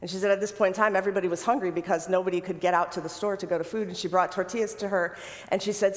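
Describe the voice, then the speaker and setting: A woman's voice: fairly low pitch, steady tone. Woman telling a story in a big reverberant hall. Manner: vivid, unhurried descriptive storytelling with repetition. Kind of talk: sermon storytelling.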